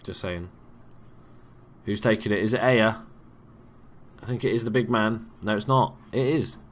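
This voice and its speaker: A man's voice: lowish voice, moderate pace. A young man from England giving casual, sweary, jokey let's-play commentary as a gaming YouTuber.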